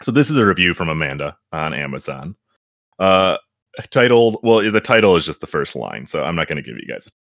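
A man chatting casually on a podcast, animated and quick to laugh, often restarting his sentences. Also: extremely low pitch, gravelly, no echo, clean studio sound. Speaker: podcast guest reading reviews.

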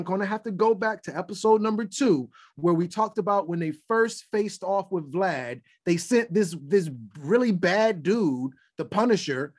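Guy with a pretty high voice hosting a podcast, animated, tells history stuff. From United States. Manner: animated, laughs often, restarts. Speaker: podcast host. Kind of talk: casual podcast chat and history storytelling.

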